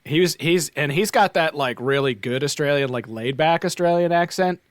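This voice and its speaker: A man with an Atlantic Canadian accent co-hosting a podcast, talking in a lively, rambling way, often tossing in "like" and "right?". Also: fairly high pitch, moderate pace, no room sound, clean studio sound. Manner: animated, rambling, fond of "like" and "right?". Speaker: podcast co-host. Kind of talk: casual chat.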